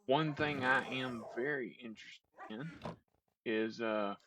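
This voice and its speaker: A man's voice: medium pitch, takes it slowly. A man chatting casually while he plays, hosting his own gameplay video. He talks in a hesitant, rambling way, restarting his sentences, with a mid-range voice and faint noise behind him. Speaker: gameplay host. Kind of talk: casual chat while playing.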